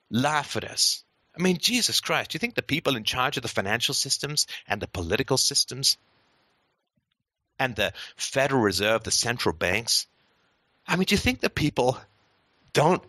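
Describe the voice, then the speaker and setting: A man gives an impassioned, profane monologue as a show host. His voice is bright and sharp, a little high, and it swings widely in pitch. Recorded dry and close. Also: no echo. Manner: profane, sarcastic ranting.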